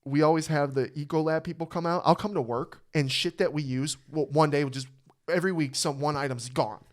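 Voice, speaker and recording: A podcast host telling a rambling, profane work story in casual chat. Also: male voice, fairly high pitch, steady tone, a little fast.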